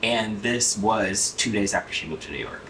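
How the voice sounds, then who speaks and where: A man's voice: fairly low pitch, moderate pace. A man giving a casual closet tour, chatting and telling stories with frequent laughs. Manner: animated storyteller, laughs often. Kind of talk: casual chat. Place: home closet, echoey room. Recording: roomy, distant, faint noise.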